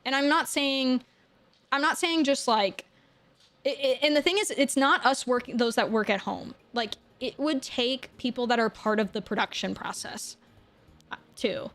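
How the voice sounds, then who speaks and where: Woman streamer, higher-pitched, casual and chatty, quick replies to comments. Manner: chatty, answers viewer comments in quick bursts; soft baby talk to her dog. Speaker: live streamer. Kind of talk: casual live-stream chat.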